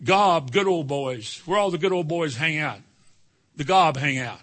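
A man preaching a sermon in a folksy, animated way, breaking into sudden high exclamations. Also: a little slow. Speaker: pastor.

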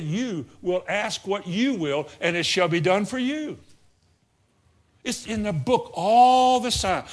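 A middle-aged man preaching with a fairly high voice. He swings between loud, excited outbursts and quiet, low murmurs. He acts out the scenes he describes in character voices. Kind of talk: sermon.

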